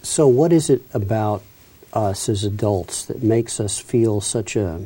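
A man with a low, very dark and mellow voice poses a thoughtful question to his guest. He searches for his words as he goes, pausing before he finishes his point. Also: husky.

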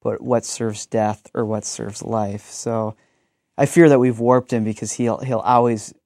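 Earnest man with a mellow voice. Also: on the low side, level tone, measured pace, dry recording, studio quality. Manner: earnest, storytelling, frequent "um". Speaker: pastor and teacher. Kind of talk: conversational reflection on ministry.

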